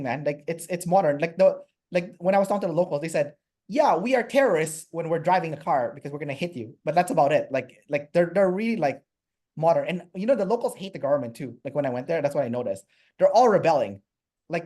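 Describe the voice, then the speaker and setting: A man from Canada chatting as an interview guest. His story tumbles out with fillers, restarts and a voice that leaps up and drops down, lively and unpolished. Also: fairly high pitch, quick pace. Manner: animated, many fillers and restarts. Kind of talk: casual storytelling chat.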